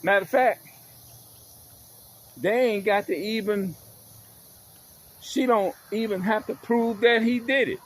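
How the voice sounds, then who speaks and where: Emphatic, high-voiced ranting man. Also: slow pace, pauses often. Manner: emphatic, repetitive, swearing. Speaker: vlogger. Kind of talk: ranting monologue.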